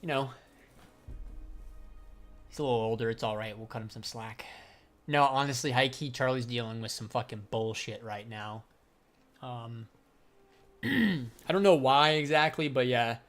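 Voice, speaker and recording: A young adult crypto trader livestreams in a mid-range, fairly bright voice, speaking at a measured pace with frequent pauses while faint music plays behind him. He chats casually about trading and answers viewers, loose, slangy and profane, laughing often.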